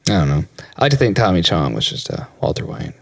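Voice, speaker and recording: A man's voice: deep voice, big pitch swings, fast, fairly bright tone, dry recording, studio quality. A young man co-hosting a podcast in casual chat, rambling, laughing often and swearing freely. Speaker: podcast co-host.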